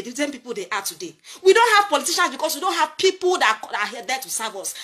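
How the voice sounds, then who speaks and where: A woman's voice: sits high, pushed and bright. A Nigerian woman giving an impassioned commentary monologue, emphatic and preachy, full of rhetorical questions. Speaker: political commentator.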